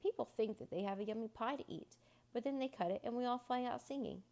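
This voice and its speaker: A woman voicing a cheeky, chirpy female blackbird in a storybook reading, speaking in a bright, brisk way. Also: fairly high pitch, pitched above the performer's own voice, lightly acted.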